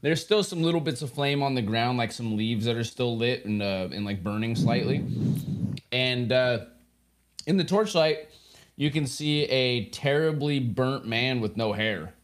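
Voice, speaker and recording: A man runs a tabletop game, narrating scenes in a loose, rambling way with lots of fillers. His voice sits at an ordinary middle pitch. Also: animated, a little slow, a little hiss or hum. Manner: casual, rambling, filler-heavy, laughs easily. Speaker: game master.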